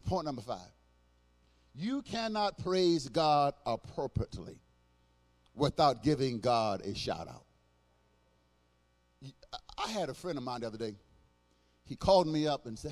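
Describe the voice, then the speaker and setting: A man's voice: a little high, lively intonation, unhurried, long pauses, in a large hall. A man preaching a church sermon, calling out to the congregation with rhythmic, repeated phrases. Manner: call-and-response preaching, rhythmic and repetitive. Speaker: pastor. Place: church sanctuary.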